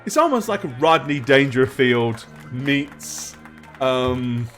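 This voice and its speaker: A man's voice: medium pitch, big pitch swings, slow, a bit bright, soft background music. A man narrating a tabletop game as game master, chatty and rambling. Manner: chatty, rambling, laughs often.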